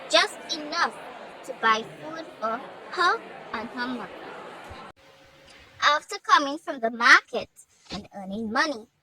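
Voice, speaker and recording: A woman narrating a storybook aloud in an expressive read-aloud style. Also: high-pitched, slight background noise, rough recording.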